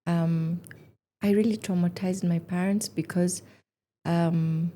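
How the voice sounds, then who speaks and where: A woman's voice: lowish voice, takes it slowly. Woman in her forties telling stories. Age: 40s. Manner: animated storyteller, acts out quotes. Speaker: podcast guest. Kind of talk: casual chat.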